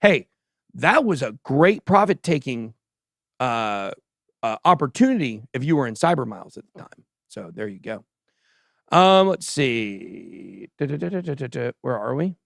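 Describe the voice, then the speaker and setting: A man hosting a casual livestream crypto show, giving animated and sarcastic commentary as he chats with a co-host and the live chat. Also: medium pitch, measured pace, creaky, no room sound, clean studio sound. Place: show studio stage.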